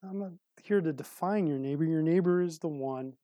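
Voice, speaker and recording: A man preaching a sermon as a pastor, telling a story in a conversational way and clearing his throat now and then. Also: on the high side, normal speed, warm tone, no room sound. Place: church service room.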